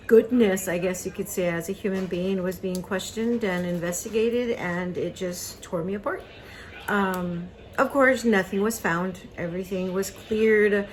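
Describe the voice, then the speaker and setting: A woman in her thirties tells a painful personal story to her camera, halting and hesitant, with many fillers and restarts. Her voice sits at a middle pitch and she sounds choked up at times. A cartoon plays on a TV in the background. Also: poor audio. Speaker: craft vlogger.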